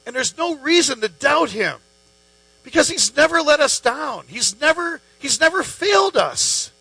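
Bright-voiced chatty male preacher. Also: extremely high pitch, unhurried, gravelly, dry recording, low-quality recording. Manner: chatty, joking asides, animated quoted voices. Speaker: pastor. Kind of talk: casual conversational sermon.

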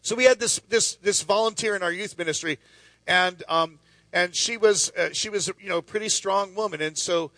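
Pastor guy telling stories in his sermon, high voice, keeps restarting, dry sound. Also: moderate pace, bright, forceful tone, no room sound. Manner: storytelling with lots of restarts and asides.

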